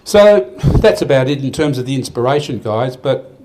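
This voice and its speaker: A man's voice: mid-range voice, expressive, normal speed, noisy background. An older Australian man giving a rambling, heartfelt speech at a farmers' awards night, with many restarts. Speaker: event organiser giving a speech. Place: event hall.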